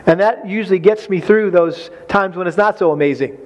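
Folksy high-voiced preacher man. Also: a little fast, darkish tone. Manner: conversational, folksy, with acted-out quotes and humor. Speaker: preacher speaking on marriage. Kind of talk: sermon.

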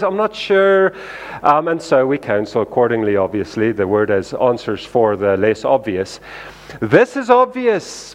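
A man's voice: medium pitch, long reverb tail. A male pastor preaching a sermon in a conversational way, often acting out what people say in lifted voices.

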